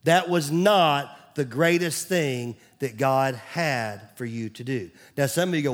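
A man's voice: medium pitch, a little slow, hardly any pauses. A man, preaching a sermon as pastor in a conversational way, sometimes dropping to a near-whisper. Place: church stage.

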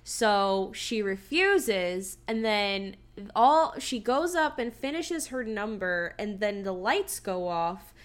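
A young woman co-hosting a casual podcast, retelling movie scenes in an animated way, with swearing and exclaimed questions. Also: medium pitch, slow pace. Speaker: podcast co-host. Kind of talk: casual movie review chat.

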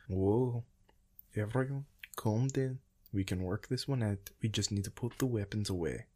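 A man voicing a flustered young man who anxiously tries to calm everyone down. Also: on the low side, brisk, slightly rough. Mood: placating, anxious. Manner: placating, anxious. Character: flustered young man trying to keep peace.

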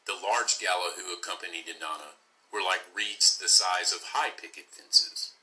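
Man, storytelling narration, deep voice, very bright timbre, deliberate pace. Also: steady tone, poor audio. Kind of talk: storytelling reading of a myth.

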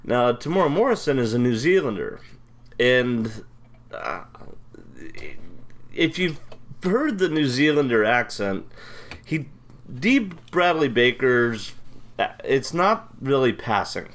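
A man's voice: mid-range voice, big pitch swings, slow, long pauses, a bit bright. An American man co-hosting a podcast, chatting loosely with jokes and self-deprecating asides. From United States. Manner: rambling, self-deprecating, jokey. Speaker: podcast co-host. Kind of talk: casual chat.

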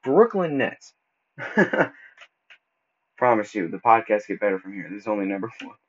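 A man hosting a casual solo podcast, talking loosely and stumbling over words as he goes, with relaxed slang. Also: on the low side, moderate pace. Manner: casual, stumbles and restarts often; laid-back slang like bro and dude. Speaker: podcast host. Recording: dull lo-fi recording.

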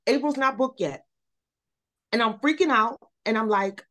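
A woman guest on a podcast, telling her story in casual chat with animated energy, repeating words and saying "y'all". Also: fairly high pitch, measured pace.

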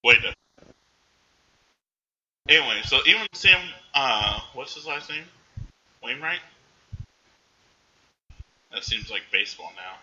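A man casually recapping a movie in animated chat, jumping into the characters' voices now and then. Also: medium pitch, highs cut off. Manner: animated, acts out characters in quick bursts.

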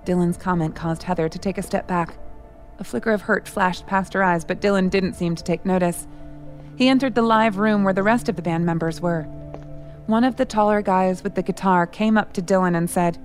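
A woman reading scripted audio drama narration in a steady, even manner. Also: on the low side, fairly quick, soft background music.

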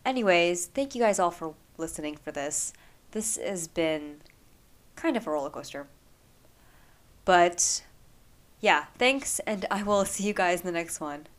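A woman's voice: on the low side, lively intonation, unhurried, pauses often. A woman vlogging a candid, earnest personal monologue, thinking aloud with rhetorical questions.

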